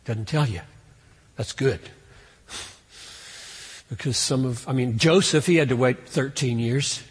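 A man preaching a sermon in an earnest way, rising in pitch and force on key points. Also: unhurried, husky, big-room sound. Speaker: pastor.

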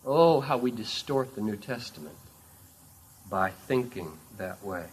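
Dramatic, animated male preacher. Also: on the low side, measured pace, breathy edge. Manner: dramatic storytelling, swinging from loud to hushed. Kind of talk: sermon.

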